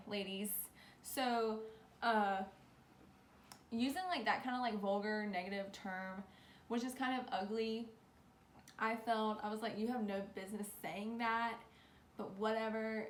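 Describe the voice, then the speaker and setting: A young woman telling a rambling storytime, animated and full of "like". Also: mid-range voice, a little slow, long pauses, slight background noise. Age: young adult. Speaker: vlogger. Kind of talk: casual storytime. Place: bedroom. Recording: echoey room with faint ambience.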